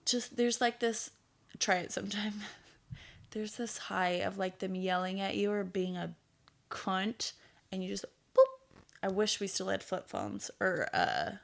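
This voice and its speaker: A woman's voice: medium pitch, expressive, unhurried, creaky. A woman in her thirties hosting a casual solo podcast, chatty and blunt, swearing freely and laughing at herself. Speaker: podcast host.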